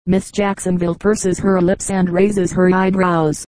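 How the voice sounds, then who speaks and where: A woman reading an audiobook as narrator in a measured, even storytelling manner. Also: fairly low pitch, no echo, poor audio. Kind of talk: scripted narration.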